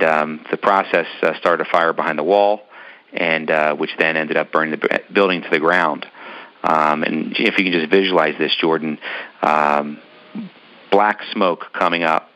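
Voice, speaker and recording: A man's voice: low voice, bright, forceful tone, rough recording. A man casually telling a long personal story in an interview, rambling with many ums and restarts. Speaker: business owner telling his story.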